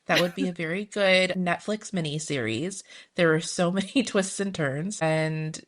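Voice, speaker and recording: Woman podcast host, chatty, a bit lower-pitched. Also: moderate pace. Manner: chatty, reacts with gasps and laughs. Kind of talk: casual interview chat.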